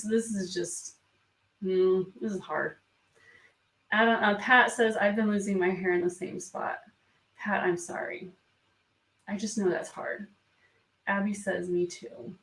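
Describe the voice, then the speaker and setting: A woman hosting a live stream, reading viewer comments aloud in a soft, hesitant way while fighting back tears. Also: mid-range voice, fairly even intonation, measured pace. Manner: soft, hesitant, many ums and restarts. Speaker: beauty vlog host. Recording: roomy sound from a distance from the mic.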